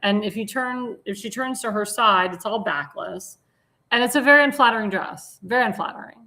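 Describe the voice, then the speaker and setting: A woman's voice: fairly high pitch, brisk, bright, forceful tone. A woman hosting a talk show, giving blunt, indignant commentary on slides and sometimes searching for words.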